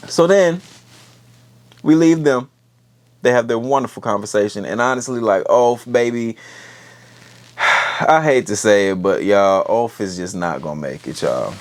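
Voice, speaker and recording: A man's voice: lowish voice, measured pace, long pauses. A man giving a casual, joking show recap, full of slang and cursing. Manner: profane, slangy, joking, animated. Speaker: TV recap host.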